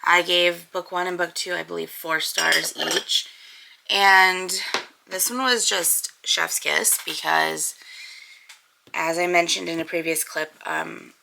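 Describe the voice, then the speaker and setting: A woman's voice: deep voice, vocal fry, sharp tone, a little hiss or hum, low-quality recording. A young woman chatting casually to camera as a book vlogger, rambling with lots of fillers. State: congested, with a cough.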